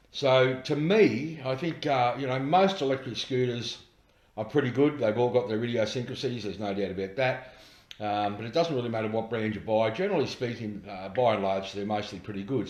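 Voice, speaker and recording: A man's voice: lowish voice, darkish tone, reverberant. An Australian man giving a chatty, jokey product review at home, swearing casually and repeating a running gag. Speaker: scooter reviewer. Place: home dining room.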